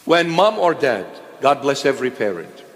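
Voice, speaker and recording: A man's voice: mid-range voice, big pitch swings, moderate pace. A man preaching a sermon in a church, asking emphatic questions and answering them himself. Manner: call-and-response questioning, emphatic. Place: church hall. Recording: long church reverb.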